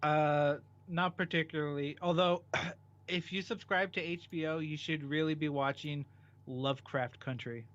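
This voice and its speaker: A man's voice: on the high side, steady tone, unhurried, a bit bright, dull audio. A man co-hosting a casual chat, answering in short, laid-back replies.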